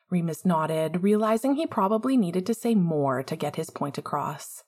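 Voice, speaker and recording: A woman reads a story aloud in a calm, measured way. Her voice sits low and has a breathy, husky edge. She tells it plainly, like a home audiobook reader. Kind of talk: reading fan fiction aloud.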